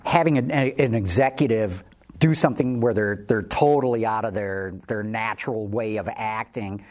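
A man hosting a casual panel chat, briskly steering it with questions. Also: fairly low pitch, a little mellow. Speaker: host.

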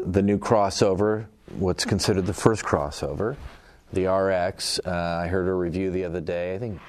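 Middle-aged man with a deep voice; animated anecdotal panelist, laughs easily. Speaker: former auto industry PR man, panelist. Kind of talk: casual podcast chat.

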